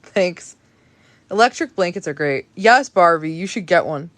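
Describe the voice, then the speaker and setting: A woman's voice: on the low side, expressive, measured pace, fairly bright tone. A sleepy young woman rambling and swearing casually while livestreaming from bed on her phone at night. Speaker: live streamer. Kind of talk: late-night livestream chat. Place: in bed in a bedroom.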